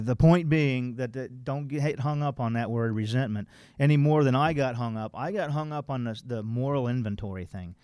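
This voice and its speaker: A man's voice: medium pitch, a little mellow, no room sound. A man leading a recovery workshop, reading from a text and explaining it in blunt, folksy, mildly profane everyday language. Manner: quotes text then explains it plainly. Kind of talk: informal workshop talk.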